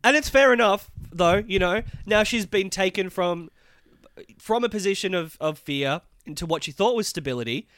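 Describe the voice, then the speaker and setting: Higher-voiced man chatting about a show. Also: expressive, moderate pace, fairly bright tone, dry recording. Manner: chatty, swears, lots of fillers and agreeing yeahs. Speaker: podcast co-host. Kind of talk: casual TV recap chat.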